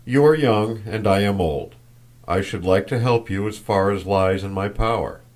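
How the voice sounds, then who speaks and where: A stern old Freemason traveler in a storybook reading, his deep voice deliberate, loud and grave, as a male narrator puts him on. Every phrase is weighed and carries a cold, fatherly authority. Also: natural voice.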